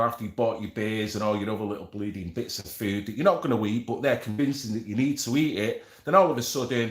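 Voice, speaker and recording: A man's voice: medium pitch, fairly bright tone. A man who hosts a live stream, chatting casually and rambling with slang asides as he reads from an article. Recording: echoey room.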